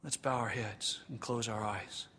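A man's voice: medium pitch, fairly even intonation, measured pace, sharp tone, breathy edge. Earnest preaching man in a reverberant hall. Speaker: pastor. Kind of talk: sermon with closing prayer. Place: church sanctuary. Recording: long reverb of a large hall.

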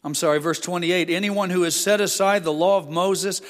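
A man preaching a sermon, impassioned, building to emphatic peaks and dropping low. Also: fairly even intonation, normal speed. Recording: long reverb of a large hall.

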